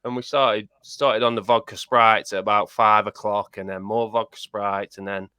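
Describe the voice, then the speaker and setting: A man's voice: fairly low pitch, fairly even intonation, moderate pace, pushed and bright, clean tone, no room sound. Bloke, laughing his way thru a story, swears a lot, dead dry sound. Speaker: podcast co-host. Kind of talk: casual chat.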